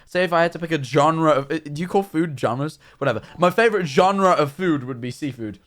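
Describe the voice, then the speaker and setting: Chatty man, slightly high. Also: fairly quick, a bit bright. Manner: chatty, jokey, rambling storyteller. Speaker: streamer. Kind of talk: casual livestream chat.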